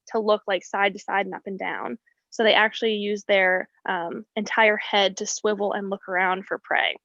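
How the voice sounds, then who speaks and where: A woman's voice: a little high, a bit bright, no room sound, highs cut off. Woman teaching about birds of prey. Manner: explanatory, with frequent ums. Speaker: wildlife educator. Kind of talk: educational presentation.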